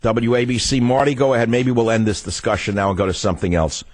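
A man's voice: mid-range voice, steady tone, quick pace, dry recording. A man hosting a political talk radio show, ranting heatedly and repeating phrases for emphasis. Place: radio studio.

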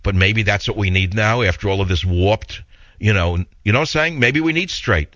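A man's voice: lowish voice, moderate pace, fairly bright tone, dry recording, highs cut off. A man with a heavy New York accent hosting a talk radio show, opinionated and rambling in a blunt monologue.

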